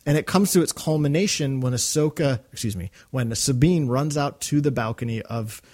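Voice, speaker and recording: A man's voice: mid-range voice, normal speed, darkish tone. A man co-hosting a fan podcast, talking enthusiastically with many fillers and restarts. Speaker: podcast co-host. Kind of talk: casual fan podcast discussion.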